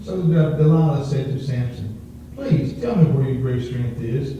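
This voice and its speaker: A man's voice: medium pitch, lively intonation, normal speed, mellow. Man reading scripture from across a hall. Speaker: congregant reading scripture aloud. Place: church sanctuary. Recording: distant voice in echoey church, lo-fi, faint hum.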